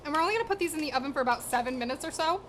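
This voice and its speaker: A young woman with a high, animated voice talks in rapid-fire bursts, her tone a bit bright over a little hiss or hum. She's a cooking streamer in her home kitchen, chatting casually and slangily with her live-stream viewers as she cooks, speaking straight to her chat and sounding a little out of breath.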